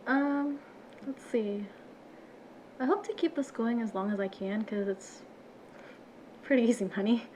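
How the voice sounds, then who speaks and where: A young woman with a fairly high voice chats as a podcast guest, giggling often and acting out the people she quotes. Her talk is lively and casual. A faint hiss sits under the recording. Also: unhurried, pauses often, poor audio. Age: 20s. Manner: giggly, animated storytelling with acted-out quotes. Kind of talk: casual chat.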